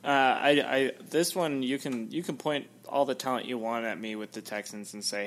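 A man co-hosting a sports podcast, weighing game picks in casual talk with halting starts. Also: medium pitch, fairly even intonation.

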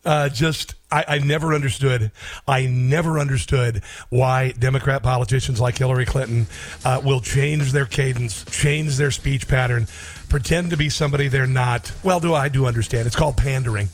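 A man's voice: medium pitch, fairly even intonation, normal speed. A middle-aged man hosting a radio call-in show, chatty and storytelling with mocking asides. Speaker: radio talk show host. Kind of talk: casual call-in show chat.

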